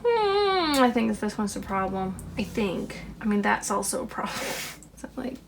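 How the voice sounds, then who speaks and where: A woman's voice: medium pitch, sing-song, moderate pace, vocal fry, slight background noise. A young woman talking to herself as she crochets a toy, chatty and self-deprecating, laughing at her own mistakes. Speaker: crochet vlogger. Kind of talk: casual self-talk while crafting.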